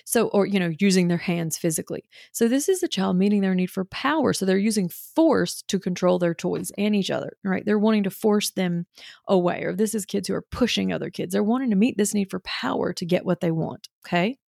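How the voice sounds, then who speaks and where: A woman's voice: medium pitch, brisk, vocal fry, darkish tone, no room sound, clean studio sound. A woman mentoring mothers on parenting, talking casually through examples with lots of "you know" fillers and acting out what kids and moms might say. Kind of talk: casual teaching talk.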